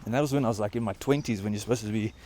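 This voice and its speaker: A man's voice: on the low side, rapid-fire, warm tone. A man in his thirties with a South African accent, talking casually to camera while hiking outdoors and short of breath, rambling with lots of fillers. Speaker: travel vlogger. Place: outdoors on a high mountain trail.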